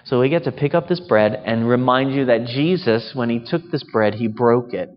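A man's voice: mid-range voice, normal speed. Male pastor, conversational sermon, rhetorical questions; dull, reverberant church sound. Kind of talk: sermon at communion.

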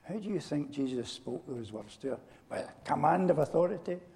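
A man preaching a sermon, retelling a story and speaking directly to his congregation in an animated way. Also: a little high, a little fast. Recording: long hall reverb.

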